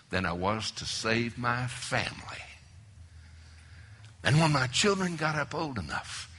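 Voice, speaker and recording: A man preaching with a sharp, forceful tone and a rough, husky grain. His pitch leaps and dips widely as he tells his story, rising to loud exclamations and dropping to near-whispers. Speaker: preacher at a marriage conference. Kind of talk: sermon.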